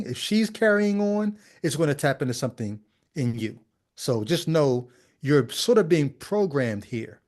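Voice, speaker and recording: A man whose voice runs on the high side hosts a podcast. He critiques a video clip with conversational skepticism and lots of rhetorical questions.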